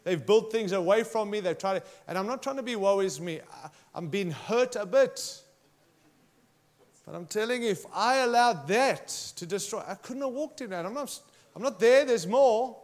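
Pastor, male, preaching an emphatic, passionate sermon in a slightly higher voice. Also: animated, normal speed. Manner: impassioned, emphatic preaching with direct challenges to listeners.

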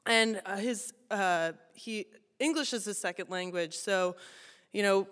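Bright-voiced young woman telling a story. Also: medium pitch, unhurried, clear, resonant tone. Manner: chatty and self-mocking, full of "you know" and laughter. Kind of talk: personal storytelling to an audience. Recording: long hall reverb.

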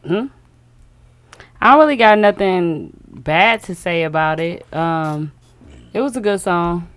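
A woman's voice: lowish voice, animated, unhurried, no echo. Laid-back young woman podcast host. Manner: laid-back, laughs often, slangy. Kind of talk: casual group chat.

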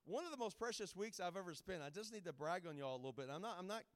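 A man's voice: high voice, lively intonation, very fast. A man speaking as a guest evangelist, giving a jokey, rambling informal sermon to a camp with many restarts.

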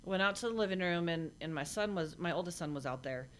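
A woman as an interview guest, telling a personal story in a blunt, matter-of-fact way with halting restarts. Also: on the low side. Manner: halting, with many restarts and fillers.

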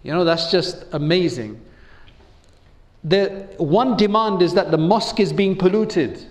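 A man's voice: sits high, measured pace. A man giving an Islamic talk in a conversational way, asking listeners questions and acting out quotes. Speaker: preacher.

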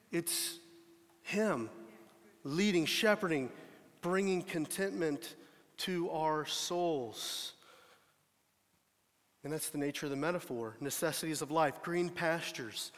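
This man's voice is high-pitched with a fairly bright tone, and his delivery is a little slow. Preaching as a pastor, he sounds earnest and emphatic and keeps restarting phrases, all wrapped in long hall reverb.

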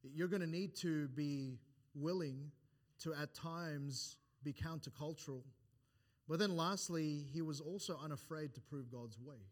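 In a church, a man with a slightly high voice preaches a sermon a little slowly. He builds his points with rising emphasis, quoting scripture in old-fashioned wording, and often restarts phrases and repeats words between points.

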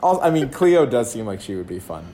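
A man's voice: mid-range voice, big pitch swings, fairly quick, mellow, a little hiss or hum. A man co-hosting a casual podcast, wry and joking with his friends. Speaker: podcast co-host. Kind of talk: casual chat.

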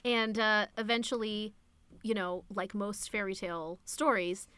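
A woman's voice: mid-range voice, steady tone, measured pace, sharp tone, clear, resonant tone, dry recording. A woman co-hosting a podcast, chatting casually through a movie recap, laughing easily and swearing now and then. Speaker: podcast co-host.

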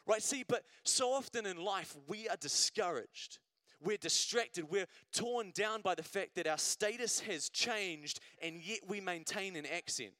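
A man's voice: high voice, a little slow, sharp tone, no room sound, studio quality. A man preaching a sermon at a church service in a conversational way, often checking in with the congregation and building to emphatic repetition.

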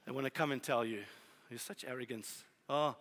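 A man preaching a sermon, telling a story with lively swings from loud to hushed. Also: medium pitch, brisk. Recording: long hall reverb.

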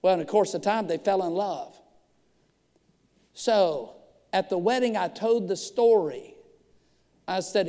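Animated preacher telling stories in a hall. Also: male voice, high voice, measured pace, pauses often. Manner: animated storyteller acting out dialogue. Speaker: pastor. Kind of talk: storytelling sermon. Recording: long hall reverb.

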